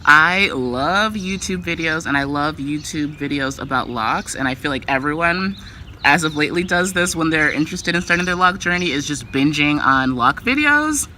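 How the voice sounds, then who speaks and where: A woman's voice: deep voice, lively intonation, normal speed, sharp tone, a little hiss or hum. A woman vlogger talking in a casual, loose way, full of filler words. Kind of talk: casual vlog chat.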